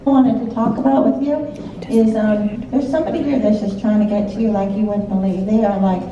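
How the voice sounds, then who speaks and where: A woman's voice: medium pitch, fairly even intonation, fairly quick, mellow. Chatty woman medium in an echoey hall. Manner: chatty, laughs often, keeps checking with short questions. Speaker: psychic medium. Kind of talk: live stage readings for an audience. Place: large hall with a live audience. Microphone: audience member's phone recording from the seats. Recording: echoey hall from far off, muffled, faint noise.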